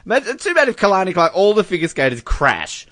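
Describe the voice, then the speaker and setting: A man's voice: sits high, big pitch swings, fast, fairly bright tone, no room sound, clean studio sound. A man co-hosting a casual podcast, joking and laughing often as he reads out fan messages. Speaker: podcast co-host. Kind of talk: casual chat.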